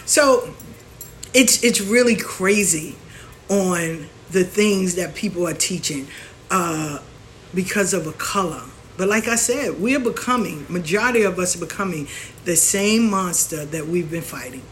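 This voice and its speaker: A woman's voice: fairly low pitch, lively intonation, unhurried, a little hiss or hum. A woman hosting her own show, talking frankly and animatedly in a casual monologue, mimicking other people as she rants. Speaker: spiritual practitioner and show host.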